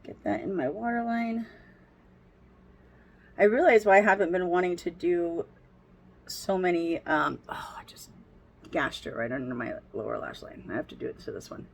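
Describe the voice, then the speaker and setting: A woman's voice: on the low side, animated, normal speed, gravelly, pauses often, slightly rough. A woman chatting casually at home while doing her makeup, rambling, with frequent laughs. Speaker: beauty vlogger. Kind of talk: casual get-ready-with-me chat.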